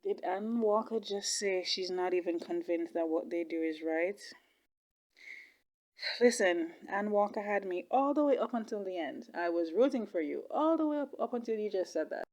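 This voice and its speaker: A woman hosting a casual video reaction to a TV drama, chatty and animated. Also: medium pitch, moderate pace. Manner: chatty, animated, laughs easily. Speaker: YouTube reaction host.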